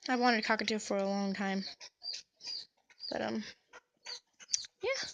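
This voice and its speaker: A woman's voice: medium pitch, steady tone, measured pace, lo-fi sound. A woman vlogging about her pet cockatiel, chatting casually and cooing to the bird in a sing-song baby voice. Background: cockatiel chirping.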